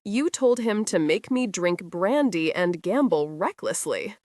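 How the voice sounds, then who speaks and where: A woman voicing a petulant, aggrieved young gentleman who rants in a whining, indignant way in an audiobook. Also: medium pitch, lively intonation, unhurried, no room sound, clean studio sound, close to an everyday voice.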